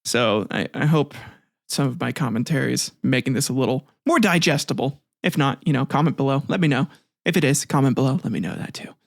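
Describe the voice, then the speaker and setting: A man's voice: mid-range voice, a little fast, gravelly, no room sound, clean studio sound. A man hosting a casual history podcast, retelling myths with swearing, laughter and jokey asides, often restarting his sentences. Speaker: podcast host.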